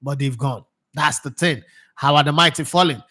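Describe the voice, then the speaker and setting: A Nigerian man with a Nigerian accent, hosting a casual football commentary show, who talks in an animated way, drifts between Pidgin and English and laughs often. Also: a little high, moderate pace. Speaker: sports show host.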